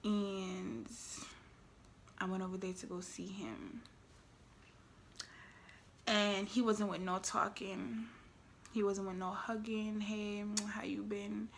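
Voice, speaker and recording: A young woman vlogger telling a frank storytime to her viewers in casual slang, swinging from loud exclaims to hushed asides. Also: medium pitch, vocal fry, slight background noise.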